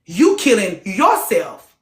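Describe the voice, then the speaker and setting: A woman's voice: medium pitch, wildly swooping pitch, takes it slowly. A woman hosting a live group talk, blunt and profane, firing off rhetorical questions to her listeners. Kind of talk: casual heated talk to listeners. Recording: echoey room sound.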